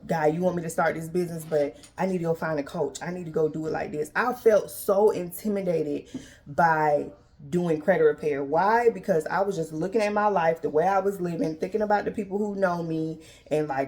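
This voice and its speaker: A woman's voice: sits low, a little fast, darkish tone. A woman in her thirties hosting a faith-based talk, casually addressing listeners as y'all and acting out dialogue with God and others. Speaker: podcast host.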